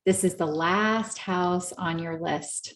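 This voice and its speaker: A woman therapist giving an earnest, coaching talk to a live audience, slowing down to stress her points. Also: lowish voice, fairly bright tone, echoey room. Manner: earnest, coaching, slows down for emphasis. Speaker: therapist and speaker.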